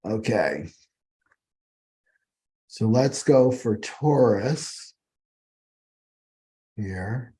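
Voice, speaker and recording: Male astrologer, low husky voice, rambling unscripted teaching style. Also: lively intonation, very slow, pauses often, dark tone. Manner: rambling, repeats "right?" often.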